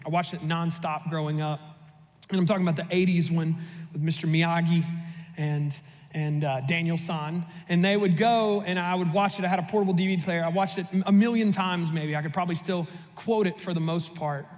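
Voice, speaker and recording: A young man preaching with a high, light voice, telling stories with dry humor and a loose, chatty flow. His voice carries a long reverb tail through the church sanctuary. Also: fairly even intonation, fairly quick, darkish tone. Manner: humorous, conversational storytelling. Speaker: pastor. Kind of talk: sermon.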